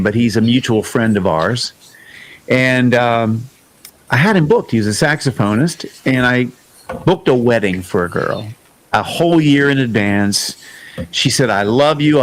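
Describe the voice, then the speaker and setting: A man hosting a music podcast tells a story with lots of energy. He drops into the voices of the people he quotes, and his pitch stays mid-range. The delivery is relaxed and conversational. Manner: animated storyteller, acts out quoted dialogue. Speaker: podcast host and singer. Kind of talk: casual storytelling interview.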